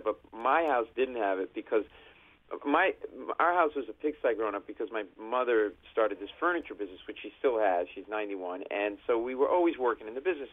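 A man from Providence, a comedian calling in and telling stories in a lively way, acting out bits of voices. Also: mid-range voice. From Providence, Rhode Island. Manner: animated storyteller, acts out voices. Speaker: comedian guest. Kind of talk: phone-in comedic chat. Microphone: phone call. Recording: tinny phone line.

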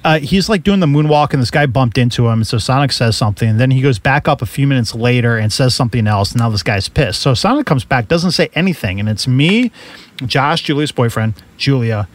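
A man on a video call, telling casual stories in an animated way and laughing through them. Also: medium pitch, a little fast. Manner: animated storyteller, laughs through his anecdotes. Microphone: computer mic on a video call.

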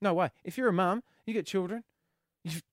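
A man hosting a radio show, telling a comic story with energetic, punchy exclamations. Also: sits high, a little fast, dry recording, clean studio sound. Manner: energetic, punchy exclamations, yells in retold scenes. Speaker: radio host.

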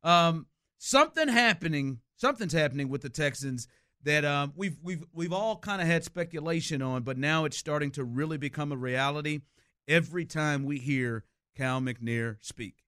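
A man's voice: a little high, normal speed, fairly bright tone, dry recording, clean studio sound. Upbeat male sports radio host.

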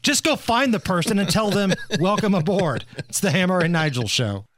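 Lively high-voiced male radio host. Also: normal speed, dry recording, studio quality. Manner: wry, teasing, gives the weather and station breaks. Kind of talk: casual radio banter. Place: radio studio. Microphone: studio microphone.

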